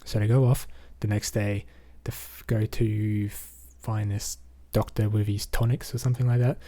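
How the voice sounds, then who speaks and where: A casual movie recap comes from an Australian reviewer who rambles loosely through the plot, peppering it with "basically" and "um." His voice is low, mellow and husky-edged, with a flat, even delivery at normal speed throughout.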